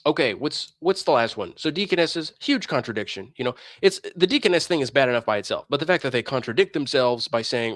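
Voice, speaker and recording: A man's voice: medium pitch, animated, fairly quick, hardly any pauses, fairly bright tone, dry recording, clean studio sound. A man hosting a religious debate stream, delivering a heated, scornful and preachy monologue that mocks his opponents. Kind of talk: ranting monologue.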